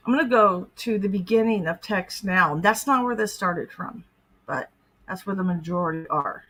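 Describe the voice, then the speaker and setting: A woman talks bluntly on a livestream with a bright, forceful tone. She sounds indignant and drops casual swears. She is a decoy for a predator-catching group. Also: mid-range voice, normal speed, low-quality recording. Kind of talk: livestream commentary.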